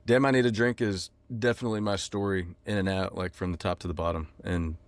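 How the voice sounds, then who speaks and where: A laid-back man chatting in an interview, rambling with plenty of fillers. His voice sits low. The sound is dry and close. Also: steady tone, fast talker, no echo. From Texas. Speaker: musician guest. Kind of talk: casual interview chat.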